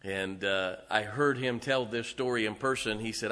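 A man, preaching emphatically as a pastor and now and then singing slowly. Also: on the low side, pushed and bright. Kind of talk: sermon. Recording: reverberant church hall.

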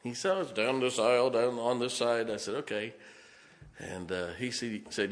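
A man's voice: medium pitch, normal speed. A male pastor preaching a sermon, telling folksy stories and laughing often between points. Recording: long hall reverb.

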